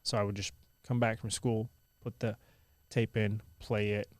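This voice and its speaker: A young man from India who now speaks with an American accent, telling stories as a guest in a casual interview, animated and full of "like". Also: on the low side, a little slow, dry recording. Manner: animated, lots of "like" and "I was like" quotes.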